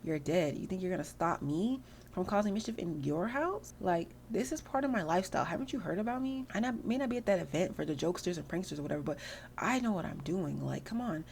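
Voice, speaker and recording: A woman's voice: fairly low pitch, expressive, fast talker, creaky, a little mellow, a little hiss or hum. A woman voicing a brash, mischievous young woman game character who taunts people in a cocky way, in a raised voice. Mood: taunting.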